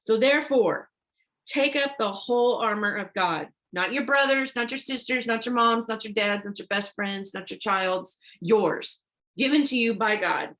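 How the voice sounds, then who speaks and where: A woman's voice: on the high side, a bit bright. Urgent woman preaching informally. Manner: urgent and exhortative, repeats herself, frequent "okay?" and "y'all"; stumbles and restarts when rushing. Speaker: online preacher. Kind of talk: informal sermon with scripture reading.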